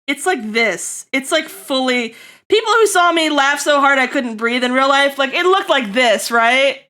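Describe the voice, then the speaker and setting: High-pitched giggly woman streamer. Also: lively intonation, normal speed. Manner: giggly, rambling, bursts into loud laughter. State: throat getting tickly. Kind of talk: casual live-stream chat.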